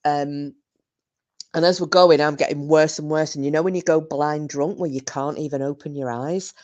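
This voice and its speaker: A low-pitched woman chats loosely with her viewers on a live stream. She swears freely and tells rowdy drunken stories. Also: steady tone, normal speed, darkish tone, highs cut off.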